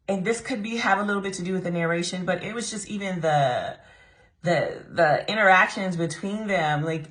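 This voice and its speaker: A young woman giving a casual, animated book review, laughing often and mocking the characters in put-on voices. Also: on the low side.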